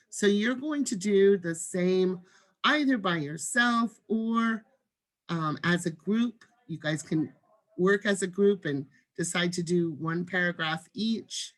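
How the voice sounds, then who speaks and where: Woman teacher, lowish voice, unhurried, deliberate online lesson delivery. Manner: measured, demonstrates reading with marked pauses. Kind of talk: online lesson on reading aloud.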